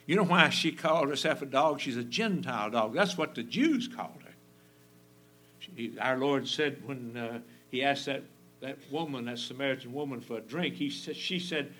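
A man preaching a fervent sermon, swinging from loud emphasis down to a near whisper and repeating phrases for effect. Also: mid-range voice, animated, moderate pace, a little hiss or hum.

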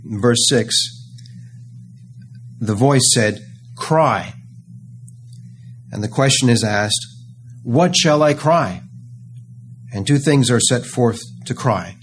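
Earnest male preacher, slow emphatic sermon. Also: mid-range voice, a little hiss or hum. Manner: earnest and emphatic, slowing on key phrases.

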